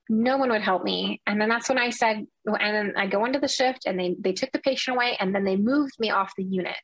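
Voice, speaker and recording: Middle-aged nurse woman, raspy voice, fired up telling what happened, dry sound. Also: mid-range voice, no room sound, low-quality recording. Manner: earnest, impassioned, retelling with quoted dialogue. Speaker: nurse, interview guest. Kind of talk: emotional personal account.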